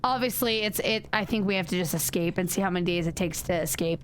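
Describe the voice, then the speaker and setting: A woman's voice: on the low side, quick pace, slight background noise. A woman streaming a horror game live, chatting casually with her viewers, swearing freely and rambling with lots of restarts and self-corrections. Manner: chatty and animated, swears freely, talks directly to chat.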